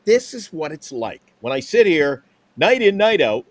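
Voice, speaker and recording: A man's voice: on the high side, sing-song, moderate pace, dry recording. A man hosting a casual sports talk stream, sarcastic and exasperated about his team. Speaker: host.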